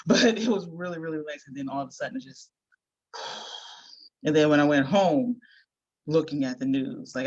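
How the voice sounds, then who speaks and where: A podcast guest telling a personal story in a reflective, halting way. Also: medium pitch, no room sound, muffled recording. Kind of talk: casual storytelling.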